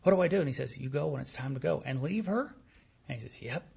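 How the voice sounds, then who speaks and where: A man's voice: mid-range voice, animated, brisk, vocal fry, darkish tone, a little hiss or hum. A middle-aged man from Texas, telling his recovery story to a meeting, acting out dialogue with wry humor. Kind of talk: personal recovery talk to an audience. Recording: dull lo-fi tape recording.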